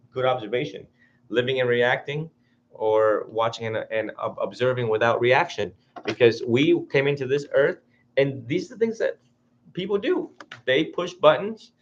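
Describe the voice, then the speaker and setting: A man's voice: medium pitch, slight background noise. A man giving an informal dharma talk as a Buddhist teacher, chatty and self-mocking, laughing often and acting out little voices. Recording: dull lo-fi recording.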